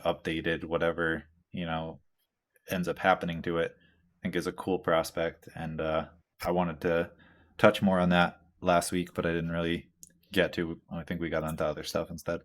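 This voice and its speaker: A laid-back man chatting on a tattoo podcast. His voice sits very low and stays fairly flat. He rambles loosely, leaning on filler words and dropping the occasional curse. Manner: reads out listener questions. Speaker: tattoo artist and podcast host. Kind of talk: casual chat.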